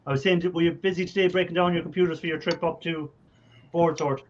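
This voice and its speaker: A man's voice: on the high side, steady tone, quick pace, a little hiss or hum. A man with an Irish accent hosting a casual live chat and asking friendly follow-up questions, over dull lo-fi audio. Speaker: host.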